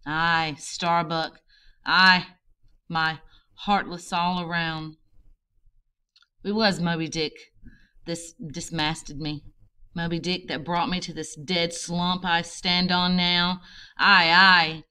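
Woman reading a vengeful old sea captain, booming, bright crisp tone, slow delivery; audiobook. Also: flat delivery. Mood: grim. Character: obsessed old male sea captain, fierce.

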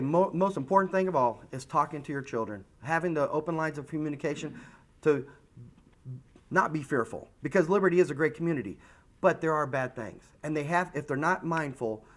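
A man in his forties with an American accent speaks to a room of parents at a community coffee meeting. His voice sits high for a man, and he keeps it animated by slipping into quick impressions of children and his own daughter. The delivery is chatty and earnest. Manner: animated, acts out kids' lines. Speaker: school safety presenter.

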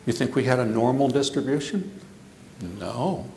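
Animated older man lecturing in echoey hall. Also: medium pitch, moderate pace, vocal fry, a little hiss or hum. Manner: animated, repeats words, asks the audience questions. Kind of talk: lecture to an audience.

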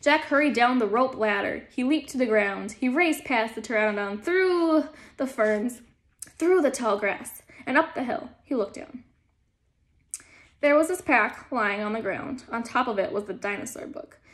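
A woman teacher reading a children's storybook aloud in a gentle, calm manner as she guides young listeners. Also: fairly high pitch, normal speed.

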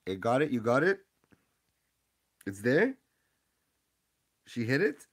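A young man streaming live as he opens card packs, chatting casually and rambling excitedly as he gives shout-outs to viewers. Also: mid-range voice, slow pace. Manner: excitable, rambling, hypes up the audience.

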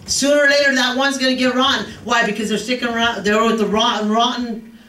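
An older man preaching a sermon as a pastor, fervent and rising to shouts, with joking asides. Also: very high-pitched, steady tone, fast talker. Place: church sanctuary. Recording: echoey, distant room recording.

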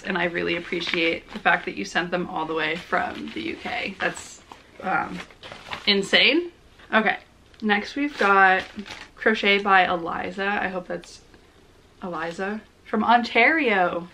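A young woman crochet vlogger chatting casually while unboxing, gushing and excitable with gasps and giggles. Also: mid-range voice, a little hiss or hum.

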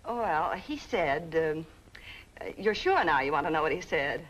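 An actress in a 1940s film playing a brisk, sly secretary who talks in a dry, coy manner. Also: female voice, mid-range voice, big pitch swings, fairly bright tone, poor audio.

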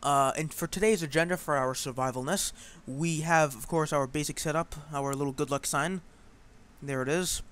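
A man's voice: fairly high pitch, moderate pace, a bit bright, smooth. A man hosting a game play-through, chatting in a rambling way with many fillers. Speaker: gaming channel host. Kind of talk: let's play commentary.

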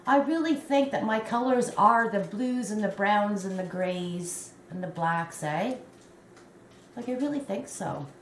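A woman in her fifties, a crochet vlogger, gushing and exclaiming excitedly as she unboxes a gift on camera. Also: mid-range voice, a little slow. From Canada. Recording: echoey room with faint noise.

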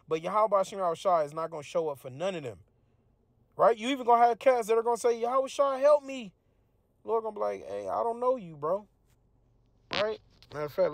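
A man reading scripture verses slowly, then explaining them in loose, casual street slang. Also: on the high side, no echo. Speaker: religious teacher. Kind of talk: informal scripture teaching.

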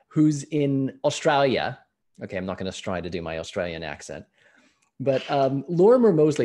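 Male presenter, physician type, online talk; husky, animated delivery with wide pitch swings. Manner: lively, expressive storytelling with acted-out exclamations.

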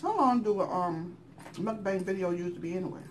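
A woman's voice: lowish voice, a little fast, a little hiss or hum. A woman with a Southern US accent chatting casually as she eats on camera, talking through bites and laughing often. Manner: chatty, laughing, talks while chewing. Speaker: mukbang channel host. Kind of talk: casual chat while eating.

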